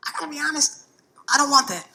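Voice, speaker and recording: A man's voice: very high voice, animated, fast, gravelly. A man from the United States doing a stand-up comedy set, brash and profane, with mocking punchlines to a laughing club audience. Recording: loud noisy stand-up special audio.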